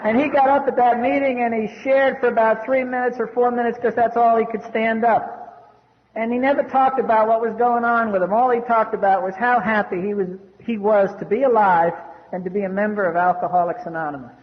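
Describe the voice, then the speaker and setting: A man's voice: extremely high pitch, fairly even intonation, fairly quick. An older man from the US East Coast telling his recovery story at a meeting in a blunt, wry, salty way. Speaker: AA speaker. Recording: echoey hall, dull lo-fi.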